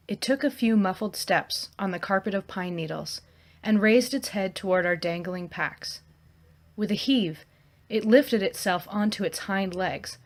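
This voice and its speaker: Lady author reading her own novel, first person, quiet steady storytelling, mid-pitch voice. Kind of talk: first-person fiction narration.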